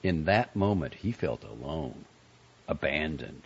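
A man giving a scripted narration of a story and a magazine essay, in a measured, expressive reading. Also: extremely low pitch, husky. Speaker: reader of magazine pieces. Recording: dull lo-fi recording.

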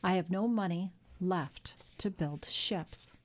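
A woman voicing a kindly, ruined older male shipowner who speaks in a gentle, melancholy way in a storybook reading. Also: on the low side, takes it slowly. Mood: sad.

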